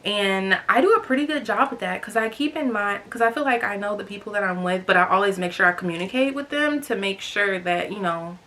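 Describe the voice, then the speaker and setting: A woman's voice: medium pitch, brisk, few pauses, pushed and bright, a little hiss or hum. A young woman in her twenties chatting to camera, telling a story with lots of "like" fillers and asides to her viewers. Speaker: storytime vlogger.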